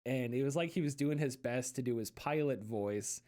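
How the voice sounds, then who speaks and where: A man's voice: medium pitch, moderate pace, mellow. A man co-hosting a casual chat podcast, telling rambling stories with frequent chuckles and restarts. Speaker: podcast co-host.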